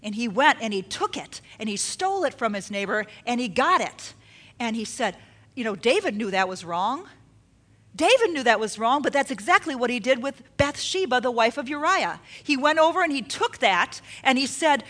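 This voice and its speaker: A woman preaching a sermon, expressive, acting out the quotes she tells and dropping her voice low for emphasis. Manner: expressive, acts out quotes with dramatic drops in volume.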